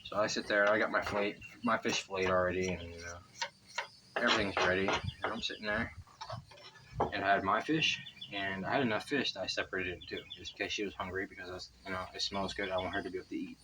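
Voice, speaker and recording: Young guy rambling and swearing thru a story, lowish voice, birds and noise all around outdoors. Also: quick pace. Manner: rambling, profane, chatty. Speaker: vlogger. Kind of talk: casual storytelling vlog. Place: outdoors by the water.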